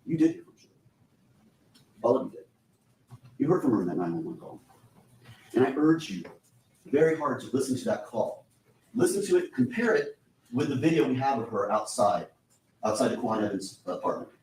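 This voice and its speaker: A man's voice: medium pitch, wildly swooping pitch, normal speed, pauses often, a little mellow. A man giving a closing argument in a courtroom, urgent and insistent, repeating key points to the jury. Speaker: defense attorney. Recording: echoey courtroom audio from a distance.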